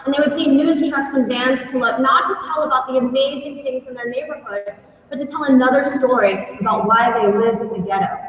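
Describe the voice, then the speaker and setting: A woman teacher giving a conference talk, telling stories in an earnest, animated way. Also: sits high, slight background noise. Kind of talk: storytelling presentation. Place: large conference hall. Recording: echoey hall, voice from far off.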